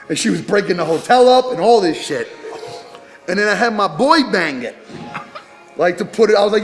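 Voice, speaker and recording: A male rapper talks loosely through an interview, his voice sitting a bit higher than most men's. He tells his stories with a cocky, swaggering edge and swears all the time. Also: animated, normal speed, pauses often, faint music behind. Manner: profane, boastful storytelling. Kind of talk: casual interview talk.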